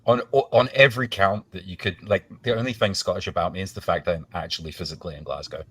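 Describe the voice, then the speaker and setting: Low-voiced English man, distant, dry sound. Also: fast talker, a crowd in the background. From southern England. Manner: relaxed, frank, swears casually. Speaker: guest writer. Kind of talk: casual podcast chat.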